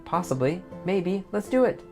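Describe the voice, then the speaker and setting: A woman streaming a game, rambling excitedly, laughing often and reading dialogue aloud. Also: lowish voice, normal speed, music in the background. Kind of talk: casual let's-play commentary and dialogue reading.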